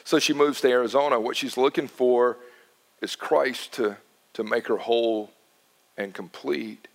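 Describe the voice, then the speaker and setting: A male pastor preaching a sermon, telling a story with animated delivery, often stumbling over repeated words and dropping soft for emphasis. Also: medium pitch, a little slow, vocal fry.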